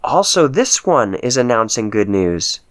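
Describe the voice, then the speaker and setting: A man reading aloud, voicing an old king crying out in grief for his son with wailing, drawn-out cries. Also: medium pitch, very animated. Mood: measured.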